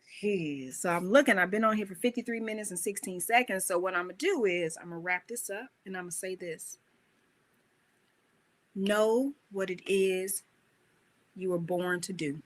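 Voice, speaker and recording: A woman coach giving an animated, emphatic motivational talk, full of rhetorical questions. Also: medium pitch, moderate pace.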